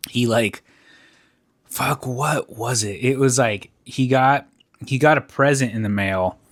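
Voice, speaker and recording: A man's voice: medium pitch, slow, a bit bright, no room sound, clean studio sound. A man co-hosting a podcast in a loose, rambling chat, full of fillers and swearing. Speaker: podcast co-host. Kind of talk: casual chat.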